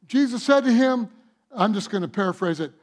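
A man preaching a sermon, swinging between loud exhortation and hushed reflection and acting out the scripture dialogue. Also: sits high, a little fast. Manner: acts out scripture dialogue with animated voices. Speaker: pastor.

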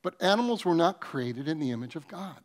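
A man preaching a sermon, telling comic stories with acted-out quotes and swinging between loud bursts and soft, earnest passages. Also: on the high side, animated, a little fast. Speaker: pastor.

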